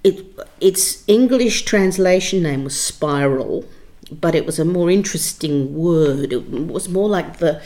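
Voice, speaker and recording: A middle-aged woman, a theatre director and writer, telling a story in an interview in an expressive, emphatic way with frequent restarts. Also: lowish voice, measured pace. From Australia.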